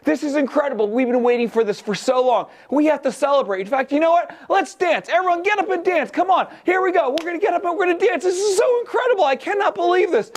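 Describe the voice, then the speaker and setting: A man playing an excitable young male Israelite who gushes breathlessly and repeats himself in a church kids' skit. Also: very high voice, quick pace, hardly any pauses. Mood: overjoyed.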